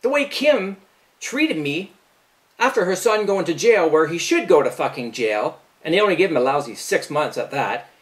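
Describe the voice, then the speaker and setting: A man's voice: on the high side, lively intonation, normal speed. A middle-aged man vlogging, casually retelling a personal story in a profane, incredulous way.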